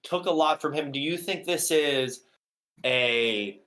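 A man's voice: a little high, slow, a bit bright. A man co-hosting a sports podcast, chatting casually and talking through his opinions at length. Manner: thoughtful, explains his opinions. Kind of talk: casual chat.

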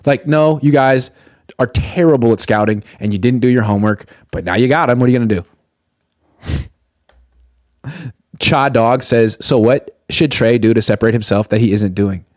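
A blunt, opinionated man chats loosely on a sports stream, reading out viewer comments and firing back plain-spoken takes. His voice sits at an everyday middle pitch. The sound is dry and close, with no room around it. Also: moderate pace, long pauses, a little mellow, dry recording. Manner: blunt, opinionated, swears casually, reads viewer comments aloud. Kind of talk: casual live-stream chat.

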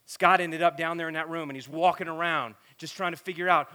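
A preacher tells a story in sermon style, voicing characters with animation and moving quickly with hardly any pauses. The voice is bright, forceful and slightly high, dropping to a hush before swelling loud.

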